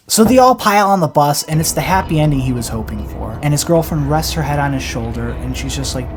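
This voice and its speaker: A man's voice: on the high side, lively intonation, quick pace, few pauses, over music. A young man telling a story in a casual podcast style, dramatic and full of swearing.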